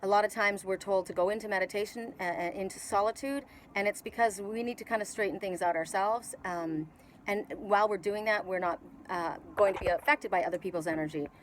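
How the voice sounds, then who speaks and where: A woman's voice: mid-range voice, brisk, a little hiss or hum, low-quality recording. A middle-aged woman from Canada with a Canadian accent, giving a casual spiritual tarot reading on an outdoor patio and rambling with many restarts and fillers. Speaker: tarot reader.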